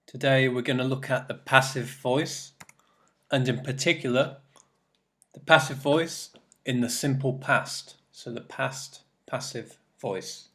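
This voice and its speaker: Male English teacher, mid-range voice, unhurried, methodical lesson narration. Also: medium pitch, steady tone, a bit bright. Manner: slow, deliberate explaining with repeated examples. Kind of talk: recorded grammar lesson.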